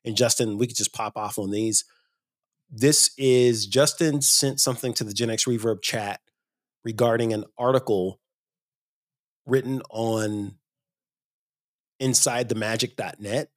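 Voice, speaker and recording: A man's voice: mid-range voice, fairly even intonation, measured pace, pauses often, dry recording, studio quality. Opinionated male podcast host. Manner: opinionated, gets heated and emphatic. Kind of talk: casual podcast chat.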